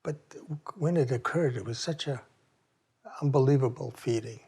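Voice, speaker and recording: Interviewee man, gravelly husky voice, emphatic recollection. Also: mid-range voice, moderate pace, darkish tone. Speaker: interviewee recalling the war.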